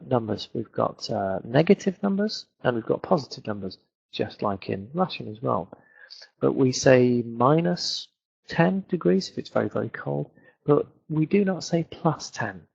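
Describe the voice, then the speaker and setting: A man's voice: medium pitch, animated, measured pace, vocal fry, darkish tone, slightly rough, lo-fi sound. A British man teaching English in a webinar lesson, explaining points and repeating words to show where the stress falls. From Britain.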